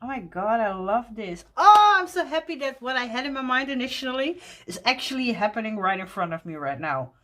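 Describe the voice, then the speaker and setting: A woman walking through a tarot deck in casual talk, gushing and excited, laughing often. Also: on the high side, fairly quick, hardly any pauses.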